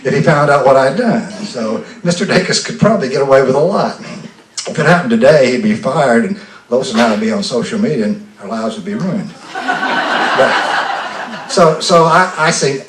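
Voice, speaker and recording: A man's voice: mid-range voice, expressive, moderate pace, noisy background. Older man, from the South, live storyteller, folksy, roomy hall sound, distant mic. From the American South. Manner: folksy, self-deprecating, stammering restarts. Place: festival stage before an audience.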